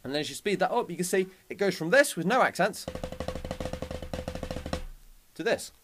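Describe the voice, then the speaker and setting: A man's voice: high-pitched, expressive, quick pace, loud music behind the voice. A man teaching a drum lesson, upbeat and chatty, counting out sticking patterns aloud. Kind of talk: instructional lesson. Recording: loud drumming behind voice. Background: loud drums.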